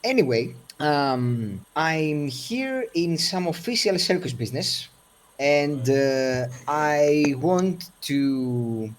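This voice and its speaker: A man's voice: on the high side, expressive, slow pace. A man playing a tabletop game, speaking to the game master and in character with formal, flowery phrasing. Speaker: player. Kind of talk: in-character role-play and table talk.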